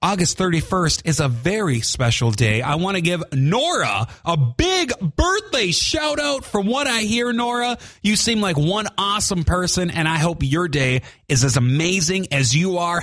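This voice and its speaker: A man's voice: sits high, normal speed, few pauses, no echo, clean studio sound. A man hosting a morning radio segment, upbeat and playful. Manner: upbeat, playful, lively delivery. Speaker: radio host. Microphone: studio microphone.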